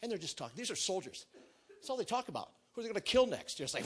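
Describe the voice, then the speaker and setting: Fast-talking and high-voiced with a breathy edge, this man preaches a sermon full of big pitch swings. He tells his story with huge animation, playing the characters and alternating between shouting and whispering.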